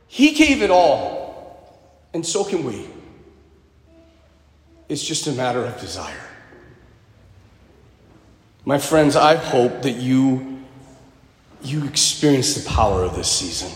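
A man preaching a sermon as a priest in a church, talking in a lively, conversational way with humor and emphatic repetition. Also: mid-range voice, slow pace, pauses often. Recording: echoey church with long reverb.

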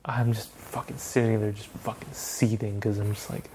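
A man's voice: on the low side, little pitch movement, moderate pace, darkish tone, a little hiss or hum. A young man hosts a casual podcast chat. He tells his story in a heated, profane way, swearing freely as he goes. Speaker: podcast host.

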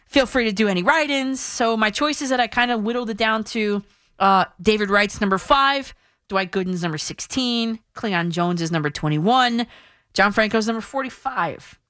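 A woman's voice: a little high, moderate pace, a bit bright, no room sound, studio quality. A woman hosting sports talk radio, opinionated and chatty, often restarting her sentences. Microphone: studio mic.

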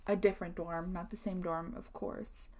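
A woman's voice: lowish voice, little pitch movement, moderate pace, a little mellow. A young adult woman hosting her own podcast, chatting casually and rambling with lots of filler words. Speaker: podcast host. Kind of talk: casual solo podcast chat.

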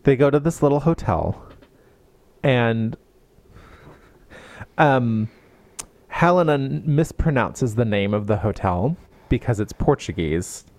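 A man's voice: mid-range voice, expressive, takes it slowly, long pauses, a little mellow. A man co-hosting a casual chat, recapping a book with sarcasm and mocking quoted voices. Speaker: podcast co-host.

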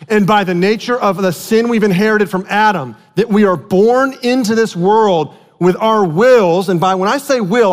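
A pastor delivering a sermon with a high-pitched voice that carries a long reverb, as in a large hall. He talks in a conversational, storytelling way and repeats key lines for weight.

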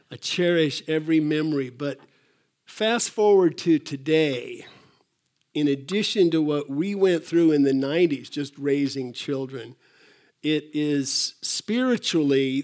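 A man's voice: on the high side, darkish tone. An older man preaching a sermon in a church, folksy and rambling, with fillers and restarts. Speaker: pastor.

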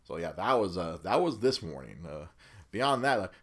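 Lowish-voiced man chatting loosely to viewers. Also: sing-song, moderate pace, slightly rough. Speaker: vlogger and new father. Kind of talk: casual chat to viewers.

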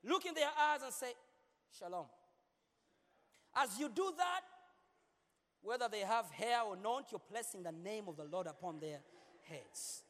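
A male pastor with a very high voice preaches slowly and playfully, joking with his congregation. His voice carries a long reverb from a large church hall. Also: lively intonation, fairly bright tone. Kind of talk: sermon.

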